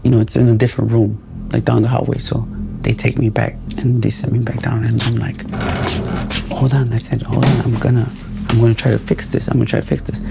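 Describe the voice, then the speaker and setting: A man's voice: mid-range voice, little pitch movement, fairly quick, gravelly, over loud music. A man telling his own story in a podcast interview, acting out the dialogue in a blunt and profane way.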